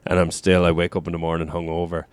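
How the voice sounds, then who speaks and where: Low-voiced Irish man, rambling. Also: monotone, fast talker, clean tone, no room sound. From Ireland. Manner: rambling, swears casually. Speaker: guest. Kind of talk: casual podcast chat.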